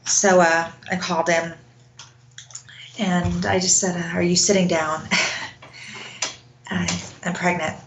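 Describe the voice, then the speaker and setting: Woman interview guest, lowish voice, earnest storyteller who laughs often, echoey room. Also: level tone, takes it slowly, long pauses, slight background noise. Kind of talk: personal storytelling. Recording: roomy echo.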